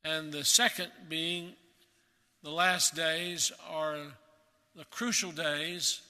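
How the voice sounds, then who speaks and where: A man delivers a sermon in an earnest, emphatic voice, drawing out the words he wants to stress. His tone is strikingly bright and sits a little high. The sound rings with the long reverb of a large church hall. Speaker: preacher.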